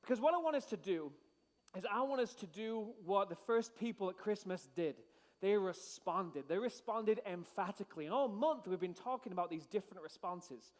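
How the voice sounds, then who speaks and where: Pastor, male, high-pitched, playful crowd-rouser; reverberant church hall. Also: expressive, normal speed. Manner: playful, hyped crowd-rousing with shouted cues. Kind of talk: energetic sermon to a congregation.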